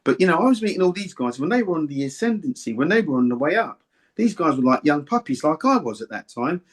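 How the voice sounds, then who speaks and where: An older man, a former boxer, telling rambling, warm-hearted anecdotes in an interview and often repeating himself. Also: a little high, big pitch swings, quick pace. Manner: rambling, anecdotal, repeats words and "do you see what I mean". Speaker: former boxer and boxing pundit. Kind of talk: reminiscing interview chat.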